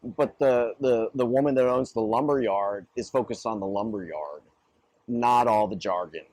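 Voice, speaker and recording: A man hosting a casual business podcast, telling a story in a relaxed, conversational way. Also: fairly low pitch, moderate pace, no echo. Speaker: podcast host. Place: studio in an office building.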